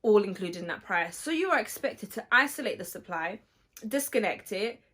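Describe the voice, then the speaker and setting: A woman, an electrician, slightly hoarse, explaining her trade in a casual vlog with many fillers, step by step. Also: medium pitch, lively intonation, moderate pace, fairly bright tone.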